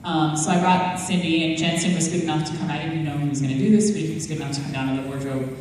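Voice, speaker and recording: Woman, convention panel guest, animated anecdotes, long hall reverb, audience noise. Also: low-pitched, fast. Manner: animated storyteller, acting out quoted voices. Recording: echoey hall recorded from far off.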